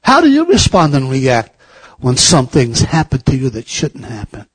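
Husky preacher telling a story. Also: male voice, mid-range voice, huge pitch swings, moderate pace. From United States. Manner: anecdotal, rising to fervent exhortation. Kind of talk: storytelling sermon.

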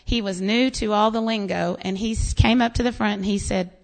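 A woman's voice: medium pitch, a little fast, vocal fry. An American woman pastor preaching a sermon, telling stories with quoted voices. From United States. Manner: animated storytelling with quoted voices and laughs.

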